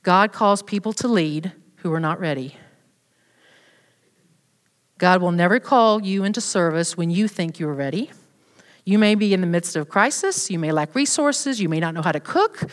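A woman shares a personal faith story with a group in a loose, conversational way, full of fillers and restarts. Her voice sits a little low. The sound rings with long reverb from a large hall. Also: lively intonation, moderate pace. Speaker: speaker at a church women's event. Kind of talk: personal testimony talk.

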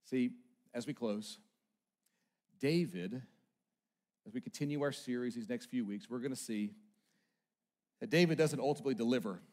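A man preaching a sermon as pastor, with emphatic delivery that swings between loud urgent peaks and quiet low asides, building repeated short phrases. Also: normal speed, pauses often.

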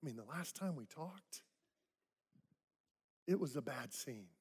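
A man preaching a sermon, telling the story vividly and dropping to soft, low tones for reflective points. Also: expressive, unhurried, breathy edge. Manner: dramatic storytelling, acting out quoted voices. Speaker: pastor.

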